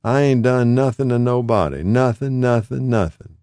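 Taking on the part of a bewildered, frail elderly man, the older narrator lifts his voice well above his natural register and hammers repeated words in homespun language. It's a slightly slow, sorrowful, memoir-like audiobook reading, intimate, dry and mellow, with no room sound and otherwise close to a natural voice.

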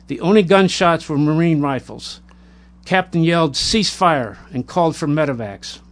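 A man reading a war memoir aloud in a measured, plain way, now and then stumbling and correcting himself. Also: fairly high pitch, expressive. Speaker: narrator.

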